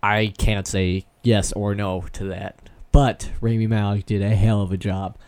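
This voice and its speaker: A young man in a casual chat, teasing and quick to laugh. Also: on the low side, little pitch movement, darkish tone, clean tone, no echo. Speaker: podcast guest.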